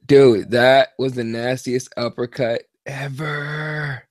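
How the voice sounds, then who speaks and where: A tired man co-hosting a casual sports podcast, talking in a profane, animated and rambling way. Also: mid-range voice, slow pace, no room sound, studio quality. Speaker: podcast co-host.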